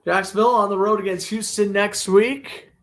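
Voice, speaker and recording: High-voiced young man calling a football game. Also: normal speed. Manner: excitable, gets loudly indignant at referees. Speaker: play-by-play commentator. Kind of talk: amateur live sports commentary.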